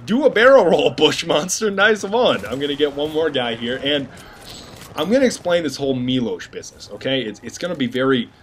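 A man giving casual gameplay commentary, joking and rambling with animated asides to his viewers. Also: mid-range voice, brisk, a little hiss or hum.

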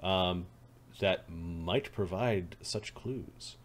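Running the tabletop session in a low voice, the game master takes his time laying out rooms and clues, with chuckles in between.

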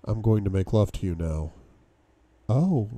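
A man reads a novel aloud in a deep, very dark and mellow voice, lending the first-person lines dramatic bursts of force. The recording is dry and close, with no room sound. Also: fairly quick, no echo. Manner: dramatic first-person reading with sudden outbursts. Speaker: book club reader.

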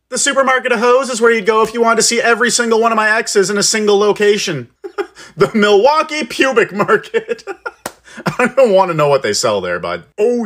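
A man's voice: sits high, pushed and bright. A man giving casual comedic commentary in a giggly, crude, joking way. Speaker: comedy video creator.

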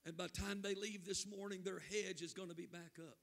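A man preaching a Pentecostal sermon in church, impassioned and shouting. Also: high voice, fairly even intonation, a little fast, gravelly. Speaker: pastor.

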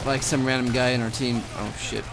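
Give me a young man chatting through a shooter game at home, with gunfire clearly heard behind him. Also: mid-range voice, fairly quick, noisy background. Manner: excitable, swears and shouts at enemies. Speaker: gameplay commentator. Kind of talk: casual gaming chat.

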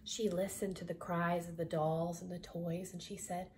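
A woman's voice: lowish voice, little pitch movement, moderate pace, hardly any pauses, darkish tone, a little hiss or hum. A woman reading a children's storybook aloud, adding laughing asides to her listeners. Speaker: storybook reader.

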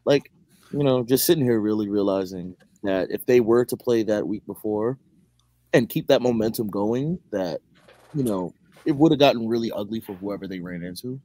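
A young man talks through a game in a laid-back, thinking-aloud way. His voice sits fairly low. He is recorded close and dry. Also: normal speed, warm tone, dry recording. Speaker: podcast co-host. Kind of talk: casual sports chat.

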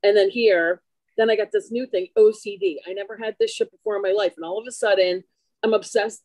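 A woman talking on a video call, chatty and self-deprecating as she tells her story with lots of animation. Her voice sits at an ordinary pitch. The sound is dry, with no room echo. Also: steady tone, fairly quick, darkish tone. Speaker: workshop participant. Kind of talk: casual show-and-tell.

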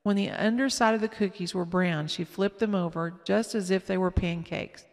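A woman reading a children's story aloud slowly and carefully, with small slips. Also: fairly low pitch. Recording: long echoing reverb.

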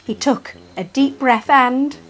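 A woman reading a children's picture book aloud in a slow, expressive way. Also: sits high. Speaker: storyteller.

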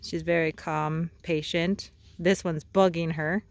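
A woman's voice: deep voice, fairly even intonation, takes it slowly. A woman vlogging outdoors on a trail ride by a creek, talking playfully and cooing to her animals. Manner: cooing, playful talk to animals, frequent laughs. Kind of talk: casual vlog narration.

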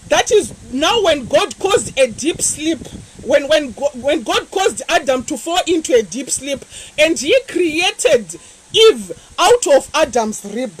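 A woman evangelist, preaching a sermon with animated, repetitive emphasis. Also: high-pitched, a little hiss or hum, low-quality recording. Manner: animated preaching, repeating phrases.

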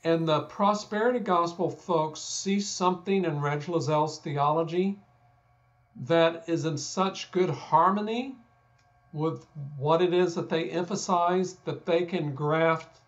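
Lo-fi audio captures a man from Texas, a guest scholar with a Texan accent, giving a conversational explanation. His slightly high voice keeps a measured pace as he muses thoughtfully and self-deprecatingly, stumbling through fillers and restarts.

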